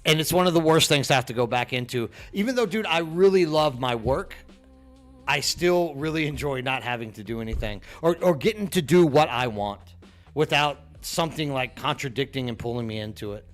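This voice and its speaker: A man's voice: medium pitch, expressive, a little fast, soft background music. A middle-aged man from Texas, chatting casually with viewers on a game stream, friendly and full of "dude", often repeating words as he goes. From Texas, USA.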